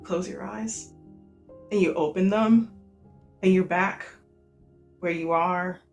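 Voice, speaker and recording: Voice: medium pitch, steady tone, takes it slowly, faint music behind. A game master narrating a tabletop game in a loose, rambling way with many fillers.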